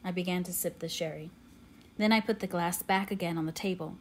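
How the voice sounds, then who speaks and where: A woman narrating an audiobook in a measured, quiet, steady way. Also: lowish voice, a little hiss or hum. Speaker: audiobook reader.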